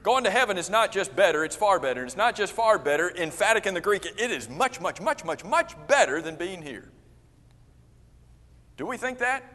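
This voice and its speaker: A man teaching an interactive Bible class, explaining Greek tenses and repeating key words for emphasis. His voice sits fairly high for a man. It rings out through a church room with long reverb. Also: sing-song, moderate pace, sharp tone. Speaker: preacher leading a Bible class.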